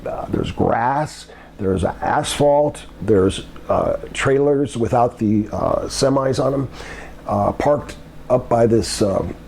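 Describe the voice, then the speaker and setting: An older man telling a long anecdote as an interview guest, halting with many ums and restarts, his voice climbing when the story gets exciting. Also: medium pitch, creaky, a little hiss or hum. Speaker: guest telling old wrestling stories.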